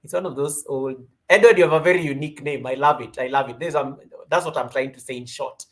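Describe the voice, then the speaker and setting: Chatty Kenyan woman hosting a livestream. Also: fast talker. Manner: chatty and rambling, greets viewers by name, animated jumps in pitch and loudness. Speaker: yoga livestream host. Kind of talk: casual livestream chat reading viewer comments.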